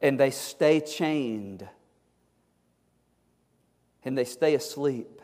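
A man's voice: medium pitch, very slow, darkish tone. A male pastor preaching a fervent, exhorting sermon, often repeating his words as he presses a point. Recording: long hall reverb.

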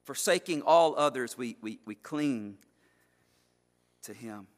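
A man's voice: mid-range voice, lively intonation, slow. A man preaching an expository sermon as pastor, with an emphatic, repetitive cadence. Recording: long hall reverb.

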